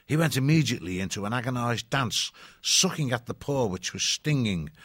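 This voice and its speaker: A man reading a children's adventure novel aloud in a measured, expressive way. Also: mid-range voice, no room sound. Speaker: narrator. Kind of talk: audiobook narration.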